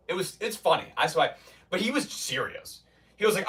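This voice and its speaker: A man's voice: fairly high pitch, lively intonation, brisk, a bit bright, far from the mic. A man streaming from a basement gym, chatting loosely with his viewers and often restarting his sentences. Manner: rambling, restarts, mock-quotes chatters. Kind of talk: casual chat with stream viewers.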